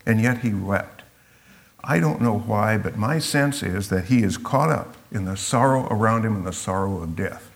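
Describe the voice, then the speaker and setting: A man's voice: lowish voice, normal speed, vocal fry. A man teaching through a Bible passage verse by verse, reflective and explanatory, sometimes acting out the quotes.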